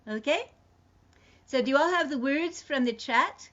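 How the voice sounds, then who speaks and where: Teaching a singing class online, a woman speaks at a moderate pace in a high, fairly bright voice, chatting about a ballad and then singing its refrain syllables. As song leader, she uses a computer mic on a video call, and the audio is dull and lo-fi.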